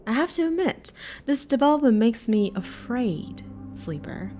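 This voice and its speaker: A woman voicing a calculating, manipulative schemer in a sci-fi game, measured and persuasive. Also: fairly high pitch, sing-song, mellow, voice pushed up. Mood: scheming. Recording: clear background music.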